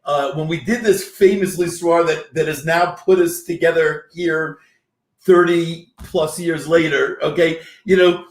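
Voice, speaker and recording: A man's voice: on the high side, fairly even intonation, measured pace. A man hosting a casual interview, asking long, stumbling, rambling questions with frequent restarts. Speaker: host. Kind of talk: casual video-call interview. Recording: roomy echo.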